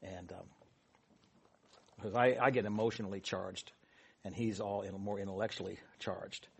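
Guy leading a bible study, kinda low and husky, rambles off on side stories a lot. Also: fairly even intonation, moderate pace. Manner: rambling, full of asides and fillers. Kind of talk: casual Bible teaching.

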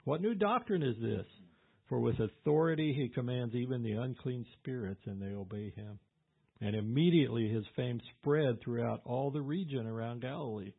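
Male pastor, husky voice, easygoing verse-by-verse Bible teacher; phone-thin tinny audio. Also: medium pitch, normal speed. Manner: conversational, with fillers and asides.

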